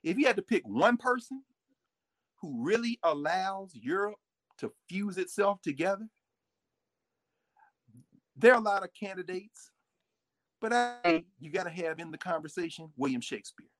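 A man, a professor, talking in an energetic storytelling way and acting out little asides and voices. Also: high-pitched, moderate pace, pauses often, dry recording. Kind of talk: animated lecture-style talk.

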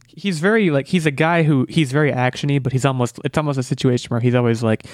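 A man's voice: medium pitch, fast, no echo. A man hosting a casual movie podcast, talking eagerly and often repeating words as he restarts. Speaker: podcast host.

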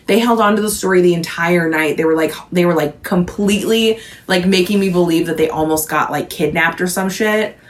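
Woman co-host in her thirties, casual storyteller, laughs a lot, somewhat low pitch. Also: a little fast, hardly any pauses. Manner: chatty, laughs often, lots of "like". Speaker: podcast co-host. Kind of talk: casual chat.

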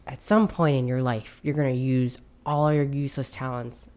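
A woman's voice: extremely low pitch, steady tone, moderate pace, mellow. A woman co-hosting a horror movie podcast in casual chat, adding dry, teasing remarks. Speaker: podcast co-host.

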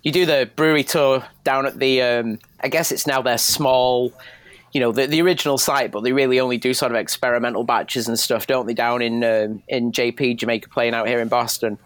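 A man's voice: medium pitch, steady tone, fairly quick, a bit bright, no room sound. A man guesting on a podcast, chatting casually in a rambling way with frequent tag questions. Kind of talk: casual chat.

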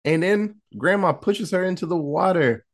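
Male podcast host, chatty and animated, fairly high pitch, swears freely while retelling a horror plot. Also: normal speed. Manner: animated storytelling, acting out quotes, laughing, profane. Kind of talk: casual chat.

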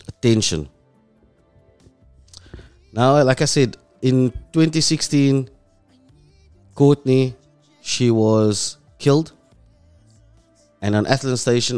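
South African male host, mid pitch, earnest monologue that sinks quiet and heavy at times, faint music bed. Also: lively intonation, slow pace, pauses often, smooth. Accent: South African English. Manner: impassioned, voice drops low and soft when moved. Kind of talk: emotional commentary monologue.

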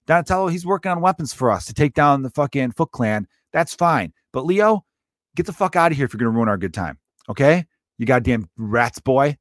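A man's voice: mid-range voice, sing-song, a little fast, no echo, studio quality, natural voice. A man playing a brash, cursing, party-loving male cartoon turtle who scolds his brother.

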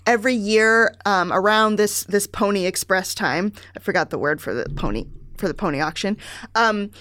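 A woman's voice: mid-range voice, normal speed, a bit bright, no echo, clean studio sound. A woman in her thirties co-hosting a book podcast, chatting casually with wry asides and laughs. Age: 30s. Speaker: podcast co-host reviewing a book. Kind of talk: casual chat.

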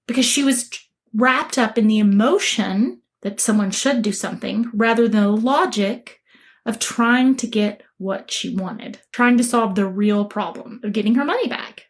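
Woman coach talking straight to camera, kinda high voice, earnest and emphatic. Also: normal speed. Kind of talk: motivational talk to camera.

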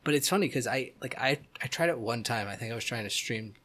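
A man's voice: medium pitch, lively intonation, fast, fairly bright tone. A man in his thirties co-hosting a casual gaming podcast, rambling and joking with many restarts. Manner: rambling, self-correcting, joking. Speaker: podcast co-host. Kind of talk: casual chat.

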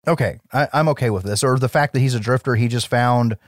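A man's voice: medium pitch, fast talker, dry recording, clean studio sound. A man hosting a casual chat, recapping a movie in a loose, profane way. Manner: loose, profane, laughs often.

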